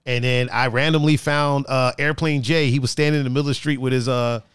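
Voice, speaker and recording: A man's voice: mid-range voice, fairly even intonation, fast, a bit bright, smooth, dry recording, clean studio sound. A man hosting a casual podcast, joking and rambling with restarts as he reads out the live chat.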